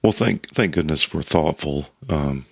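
A man co-hosting a podcast in casual chat, making wry deadpan jokes. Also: extremely low pitch, measured pace, breathy edge. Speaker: podcast co-host.

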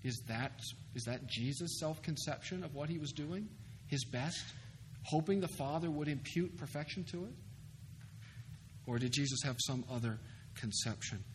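A high-voiced man lectures from the front of a large hall, pressing his points with emphatic, animated delivery and dry humor. Long reverb hangs on his voice over faint background noise in an older conference recording. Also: moderate pace. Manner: emphatic, animated, wry asides. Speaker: seminary professor lecturing.

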